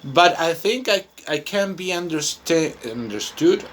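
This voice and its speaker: Chilean male English teacher, Spanish native, slow and chatty, mid-pitched, improvising a self-recorded monologue over faint noise. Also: animated, a bit bright. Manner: rambling, talkative, hesitant with many fillers.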